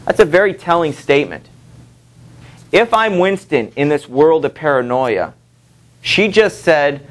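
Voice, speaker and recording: A middle-aged male teacher gives a lecture to his class in a loose, conversational style. He leans on fillers and keeps checking in with the students. When he reads quotes aloud, his voice jumps up in pitch. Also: lively intonation, a little slow, long pauses. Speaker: high school literature teacher.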